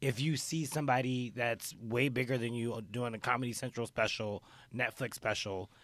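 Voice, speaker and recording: A man's voice: medium pitch, steady tone, normal speed, fairly bright tone, no room sound. A man hosting casual podcast chat, speaking in an easy, encouraging way.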